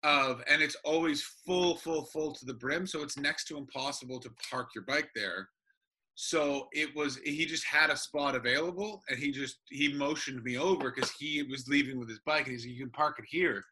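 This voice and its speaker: Bright-voiced man telling a story. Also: fairly high pitch, normal speed. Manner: animated storyteller, self-interrupting. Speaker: comedian guest. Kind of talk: casual remote interview.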